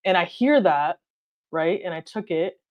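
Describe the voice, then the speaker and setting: Plain-spoken woman with a steady, direct delivery. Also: lowish voice, unhurried, lo-fi sound. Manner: calls her own delivery monotone, straight and direct; reflective, talks things through with frequent restarts. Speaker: guest, car detailing video creator. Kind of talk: casual interview conversation.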